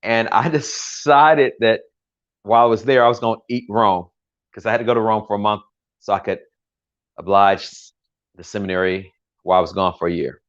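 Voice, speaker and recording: A man's voice: on the low side, normal speed, a bit bright, dull audio. Chatty older man cooking on a livestream. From United States. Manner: chatty, rambling, self-correcting with jokes. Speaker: home cook hosting a livestream. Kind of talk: casual cooking demonstration. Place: home kitchen.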